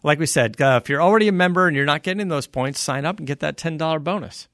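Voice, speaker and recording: A man from South Florida hosting a casual chat and reading an ad, relaxed and rambling. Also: a little high, quick pace, dry recording, studio quality. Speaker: host.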